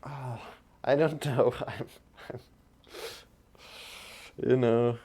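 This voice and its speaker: Guy leading a yoga class, super slow easy talk, gentle and encouraging. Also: medium pitch, steady tone. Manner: gentle, encouraging, with laughs and restarts. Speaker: yoga teacher. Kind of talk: guided yoga and mantra lesson.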